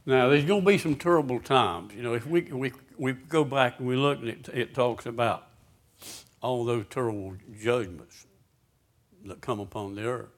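A man's voice: mid-range voice, moderate pace. A pastor preaching a sermon, reading scripture aloud and putting questions to his congregation.

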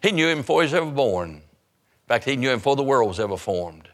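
A man's voice: medium pitch, sing-song, fast, a bit bright. A man preaching an evangelistic sermon, urgent and fervent, hammering home repeated phrases.

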